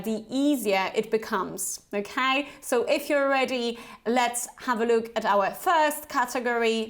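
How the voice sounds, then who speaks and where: Slow, high-voiced woman teaching pronunciation. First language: Polish. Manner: slow, deliberate, repeats words for learners to echo. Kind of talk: online pronunciation lesson.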